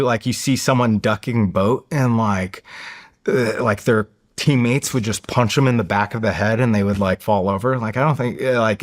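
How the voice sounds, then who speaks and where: A man in casual conversation, with a voice of ordinary middle pitch. He rambles cheerfully, restarting sentences and padding them with fillers as he tells his stories with enthusiasm. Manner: upbeat, enthusiastic. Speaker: podcast guest. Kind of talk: casual interview storytelling.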